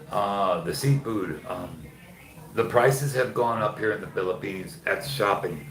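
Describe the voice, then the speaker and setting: Middle-aged American man, low voice, loose rambling vlog chat, echoey spot with loud ambient noise. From United States. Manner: chatty, rambling, jumps between topics. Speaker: vlogger. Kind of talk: casual chat. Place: outdoors.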